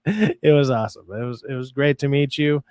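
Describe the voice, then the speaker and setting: A man's voice: medium pitch, fairly quick, a little mellow, clear, resonant tone, no room sound, studio quality. A man hosting a live stream in casual, profane, joking chat. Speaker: stream host.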